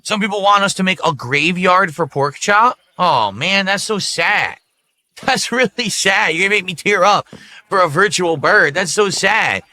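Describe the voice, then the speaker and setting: A man in his forties musing softly and emotionally while streaming a game. His fairly high voice has a bright, sharp tone. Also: lively intonation, measured pace. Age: 40s. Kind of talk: livestream gaming chatter.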